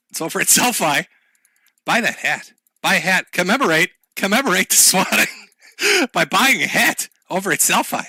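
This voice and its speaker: A man's voice: on the high side, sharp tone, husky, no echo. A man hosting a livestream, talking in a sarcastic, profane, casual way and laughing often. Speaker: livestream host.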